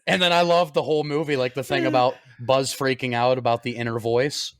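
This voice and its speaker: A man in his thirties co-hosting a podcast, laughing a lot and retelling scenes with animated energy. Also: a little high, normal speed, no echo, studio quality. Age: 30s. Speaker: podcast co-host. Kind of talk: casual chat.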